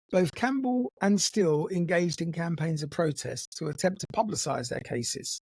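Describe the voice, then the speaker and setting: A man's voice: a little high, a little mellow, no echo. A man co-hosting a podcast, telling a true story in a casual, dry, jokey way. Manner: dry, jokey, puts on gruff voices in quotes.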